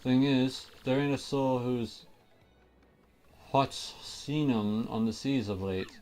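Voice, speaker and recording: A man voicing a rough-spoken male sailor in a video game, with a heavy put-on accent and slangy speech. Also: medium pitch, slow, a little mellow, soft background music, natural voice. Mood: eager.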